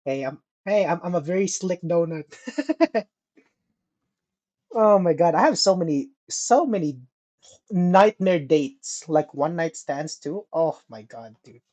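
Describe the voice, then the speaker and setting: A young man on a casual podcast, telling an animated story. He laughs often and swears freely. His voice sits mid-range for a speaker like him. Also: a little high, slow, pauses often. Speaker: podcast co-host.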